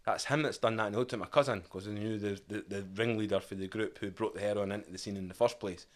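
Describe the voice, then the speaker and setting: A man's voice: lowish voice, steady tone, fast talker, a little mellow. A Scottish man in his thirties, a podcast guest telling his life story in a candid, reflective way. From Scotland. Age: 30s. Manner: candid, reflective, quotes his past self and family. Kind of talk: casual storytelling interview.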